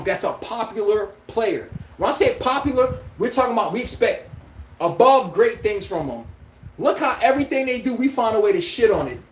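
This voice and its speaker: A man's voice: very high voice, slight background noise. A man hosting his own podcast, ranting about basketball with profanity and rhetorical questions, speaking. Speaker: podcast host. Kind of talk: ranting sports commentary. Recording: echoey room.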